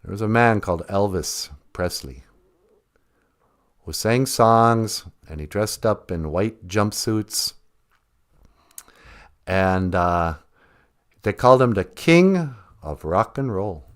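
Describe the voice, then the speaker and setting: A man's voice: lowish voice, animated. A man hosting a playful podcast, rambling and joking as he tells stories to kids. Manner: rambling, jokey, drawn-out storytelling. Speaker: podcast host and cartoonist. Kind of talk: playful casual podcast chat.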